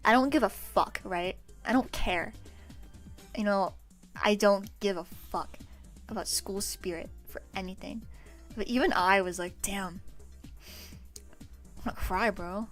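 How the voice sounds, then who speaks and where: A woman's voice: medium pitch, measured pace, a bit bright, faint music behind. A woman in her twenties chatting casually with her stream viewers, loose and profane, laughing often. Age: 20s. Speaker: livestreamer.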